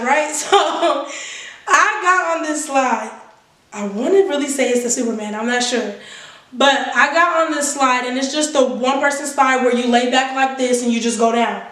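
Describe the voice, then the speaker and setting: A woman vlogger telling a funny personal story in a casual, animated way, laughing and swearing as she goes. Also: sits high. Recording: roomy echo from a distance.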